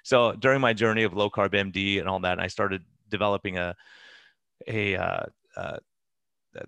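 Middle-aged male physician, low-ish voice, dry close sound, earnest rambler. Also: steady tone, normal speed, vocal fry, bright, forceful tone, no echo. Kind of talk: casual personal storytelling.

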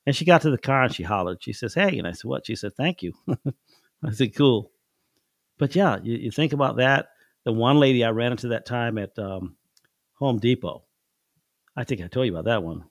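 A man's voice: mid-range voice, no room sound, clean studio sound. A middle-aged man telling stories from his life in a casual chat, folksy and chuckling, acting out the people in his anecdotes.

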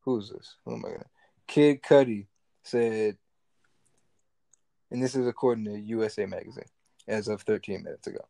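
A young man co-hosting a podcast in casual, animated chat, joking and swearing freely. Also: lowish voice, moderate pace, vocal fry, pauses often, dry recording. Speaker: podcast co-host.

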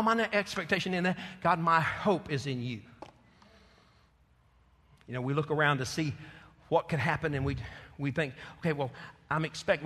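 A man preaching a sermon, moving from soft, close passages to loud, fervent ones. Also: sits high, long reverb tail.

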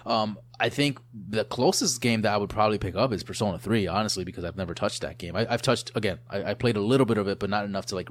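A man's voice: deep voice, slight background noise. A man in his thirties co-hosting a casual chat, rambling with lots of fillers and restarts. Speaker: podcast co-host.

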